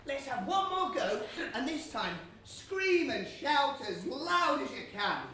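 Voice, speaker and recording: A woman playing a silly young man in a stage pantomime, chummy and playful as she gets the audience shouting. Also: high voice, sing-song, takes it slowly, full character voice. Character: Bree, a silly, cheese-loving young man. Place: theatre stage. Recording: echoey theatre from far off, noisy.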